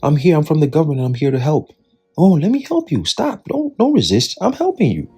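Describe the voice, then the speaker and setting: A man's voice: on the high side, big pitch swings, brisk, dark tone, slightly rough, faint music behind, pitched above the performer's own voice, full character voice. A man putting on the voice of a smarmy male government official who speaks in a falsely soothing, sing-song way. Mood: mock soothing.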